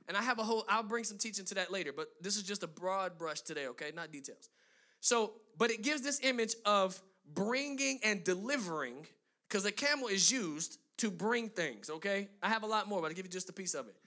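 A man's voice: high-pitched, sharp tone. A man pastor preaching a sermon to his congregation, building emphatic lists and dropping into conversational asides.

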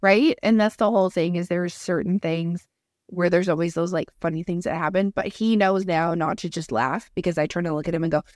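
A young adult woman co-hosting a podcast in casual chat, talking fast with lots of "like" and acting out quotes. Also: lowish voice, fairly even intonation, a little mellow, no echo, studio quality. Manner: chatty, fillers like "like", acts out quotes. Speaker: podcast co-host.

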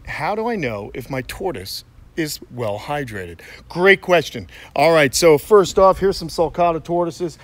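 A man with a New York accent, hosting and explaining animal care in a casual, upbeat way, full of fillers, from outdoors. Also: on the high side. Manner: chatty, upbeat, many fillers. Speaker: reptile keeper and channel host. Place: outdoors in a tortoise yard.

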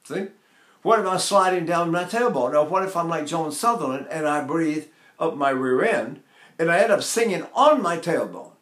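A man's voice: on the high side, lively intonation, moderate pace, fairly bright tone. Older man teaching voice, echoey room. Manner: rambling, digressive explanations with sung demonstrations. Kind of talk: vocal technique lesson.

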